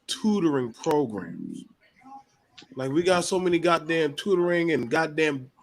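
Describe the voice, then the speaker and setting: A man hosting a podcast panel, ranting bluntly and swearing a lot. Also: a little high. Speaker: podcast host. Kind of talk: heated panel discussion.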